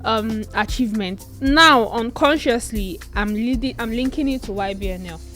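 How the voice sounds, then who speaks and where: A woman's voice: fairly high pitch, moderate pace, music in the background. A young Nigerian woman co-hosting a casual discussion, emphatic and firmly opinionated. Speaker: podcast co-host.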